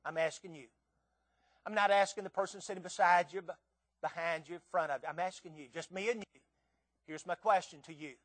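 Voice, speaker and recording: A Southern man from Tennessee preaches in a high, bright-pitched voice. He keeps things folksy, putting plain questions straight to his listeners. His delivery moves between quiet, personal asides and loud, emphatic declarations. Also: steady tone, brisk. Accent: Southern American. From Tennessee, southern United States. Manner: folksy, conversational, asks the audience direct questions; swings from hushed and intimate to loud and emphatic. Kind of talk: sermon.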